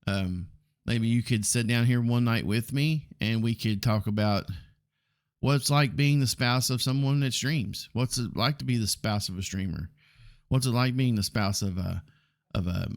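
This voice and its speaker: A forty-something man with a Southern drawl talks loosely through a solo podcast, blunt and a little rambling, filling pauses with ums. His voice sits on the low side. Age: 40s. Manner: rambling, blunt, frequent ums and mild swearing. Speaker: podcast host. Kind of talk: casual solo podcast talk.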